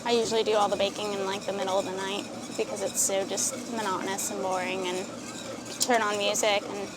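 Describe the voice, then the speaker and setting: A woman's voice: mid-range voice, flat delivery, fairly quick. Chatty woman baker in a noisy room. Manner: casual, chatty while cooking. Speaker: pastry baker.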